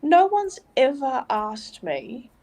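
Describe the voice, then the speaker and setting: A woman's voice: high-pitched, big pitch swings, slow, darkish tone. A woman guest in a casual spiritual chat, talking earnestly and rambling with restarts.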